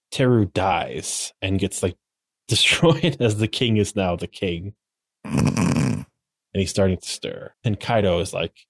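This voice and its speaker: Low-voiced man rambling through a recap. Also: no echo, studio quality. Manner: rambling, filler-heavy retelling. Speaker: podcast co-host. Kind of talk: casual episode recap.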